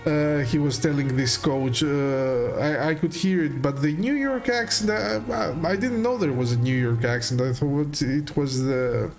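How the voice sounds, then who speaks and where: A man chats his way through a game stream, slow and halting, full of fillers and restarts. His voice sits on the higher side. Faint game music plays behind him. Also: a little mellow. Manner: hesitant, many fillers and restarts, laughs often. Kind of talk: casual gameplay commentary.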